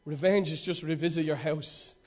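A man doing an impression of a squinting, menacing male movie cop, in a low, hushed growl. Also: steady tone, normal speed, lightly acted.

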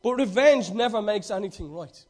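A man preaches a sermon in a strikingly high voice for a man. He stresses his points and circles back to repeat them. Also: expressive, moderate pace, a little mellow. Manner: emphatic, repeating key phrases.

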